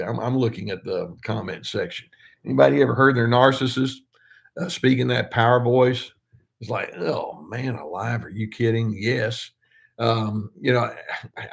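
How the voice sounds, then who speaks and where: A man's voice: lowish voice, vocal fry, slightly rough. An older male therapist talking casually through viewer questions, with frequent fillers and restarts and little acted-out quotes. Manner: relaxed, many fillers and restarts, acts out quoted lines. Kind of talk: casual livestream Q&A talk.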